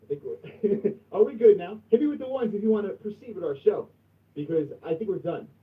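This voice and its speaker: A man hosting a livestream in casual chat, crude and profane, going from mumbling to loud outbursts. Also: high voice, big pitch swings, brisk, distant mic. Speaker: livestream host. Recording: tinny phone-like sound from off mic.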